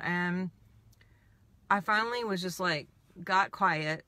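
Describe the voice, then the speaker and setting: Bright-voiced woman sharing a personal story. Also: lowish voice, no echo. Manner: candid, halting, emotional storytelling. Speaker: healing coach. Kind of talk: personal reflective monologue.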